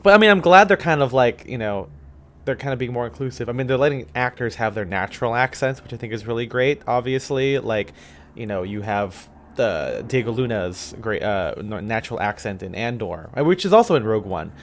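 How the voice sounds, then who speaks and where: A man co-hosting a podcast in casual chat, rambling and animated, dropping quick asides and quoting movie lines. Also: medium pitch, a little hiss or hum. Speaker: podcast co-host.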